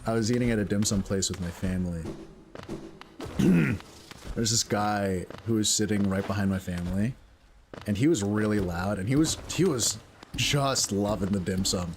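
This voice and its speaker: A man's voice: fairly low pitch, normal speed, background noise. A man chatting casually while playing a game. He rambles with lots of fillers and breaks into laughter. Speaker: gaming streamer. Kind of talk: casual gameplay commentary. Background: other people in the house.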